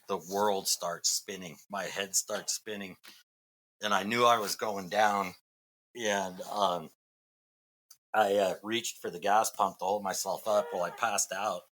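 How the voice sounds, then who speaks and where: A man's voice: low voice, fairly bright tone. A middle-aged man from Massachusetts, a podcast guest, telling a long story in a rambling way with many fillers and restarts. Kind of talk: casual storytelling.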